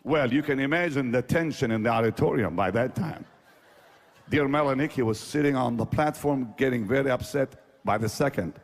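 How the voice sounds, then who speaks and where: A man's voice: medium pitch, normal speed, big-room sound. A man preaching a sermon, telling a story in an emphatic, dramatic way and repeating himself for effect.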